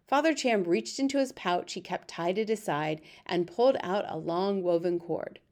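Woman reading a kids book aloud, steady and even. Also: medium pitch. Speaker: audiobook narrator. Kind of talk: scripted narration.

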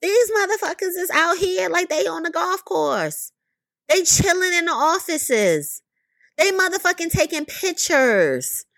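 Woman, high and very animated voice, emphatic profane commentary, unhurried delivery. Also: dry recording. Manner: emphatic, profane, rhetorical questions, repeated "you know what I mean". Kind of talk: impassioned commentary monologue.

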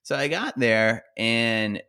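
A man co-hosting a podcast, telling a long, rambling story in casual chat with lots of fillers and shouted quotes. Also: takes it slowly, clean tone. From rural America. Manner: rambling, animated, acts out quotes in a high yell. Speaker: podcast co-host.

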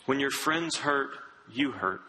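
A man preaching a sermon in an earnest, conversational way, often dropping to a soft, low tone. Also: lively intonation, takes it slowly, a little hiss or hum, poor audio.

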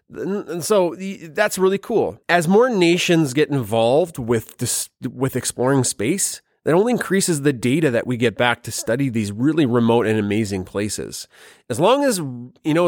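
A man's voice: mid-range voice, no room sound, clean studio sound. Chatty man hosting a science podcast. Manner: chatty, jokey, with playful put-on quotes. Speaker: podcast host. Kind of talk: casual science podcast chat.

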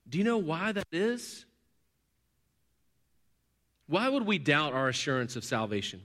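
Pastor, male, bright forceful voice, preaching with repetition and sudden hushed drops. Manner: storytelling preacher, swings from loud emphasis to hushed low passages; repetitive, building emphasis. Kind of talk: sermon.

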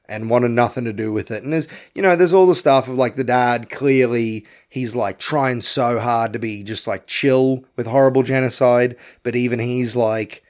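A man's voice: medium pitch, moderate pace, hardly any pauses, a little mellow. A man, hosting a podcast and rambling bluntly through a profane film review. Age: young adult to middle-aged. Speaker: podcast host. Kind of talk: casual film review rant.

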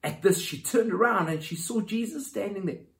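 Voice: medium pitch, moderate pace, gravelly, fairly bright tone. A preacher giving a sermon, dramatically retelling a scripture story and reading verses aloud.

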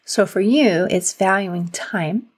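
A woman's voice: mid-range voice, takes it slowly, breathy edge. A woman hosting an interview, reflecting on and summing up her guest's points in casual chat. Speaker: podcast host.

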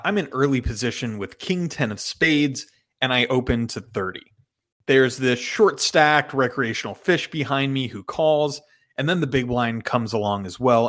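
A man's voice: medium pitch, fairly bright tone. A man recapping his poker hands in a casual, profane and self-mocking way. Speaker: poker player.

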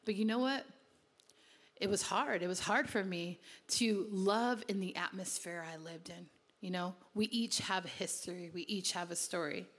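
A woman's voice: on the low side, moderate pace, fairly bright tone. Woman giving her church testimony, earnest, lots of "you know", echoey big hall. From Connecticut, USA. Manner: earnest, conversational, many "you know" fillers. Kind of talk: sermon-style personal testimony.

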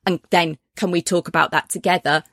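A woman clinician co-hosting a podcast, explaining in a warm, engaged way with a few fillers. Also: on the low side, fairly even intonation, a little fast, creaky, no echo, studio quality. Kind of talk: casual podcast chat.

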